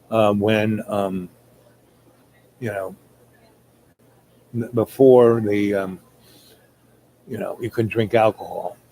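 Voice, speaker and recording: A man's voice: fairly low pitch, a little mellow, slight background noise, low-quality recording. A man telling a long rambling story, full of fillers, who acts out the people he quotes. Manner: meandering, many fillers, acts out quoted voices.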